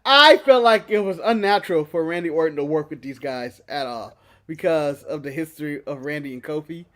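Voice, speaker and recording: A high-pitched man co-hosting a loose wrestling chat show. He talks in an animated, joking way and laughs a lot. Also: brisk. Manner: animated, jokey, breaks into laughter and mock voices. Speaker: podcast co-host. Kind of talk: casual wrestling recap chat.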